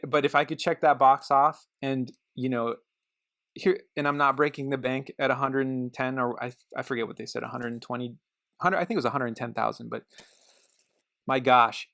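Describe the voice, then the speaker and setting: A middle-aged man vlogging about cars in casual chat, rambling and joking, then turning quiet and reflective. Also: mid-range voice, vocal fry. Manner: rambling, self-interrupting, joking. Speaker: car vlogger.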